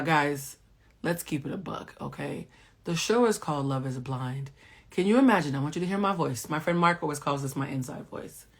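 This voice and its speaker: Talking straight to her audience, this woman hosts a pop-culture recap as a cultural critic with plenty of sass. Her delivery shifts from loud outbursts to quiet, low tones.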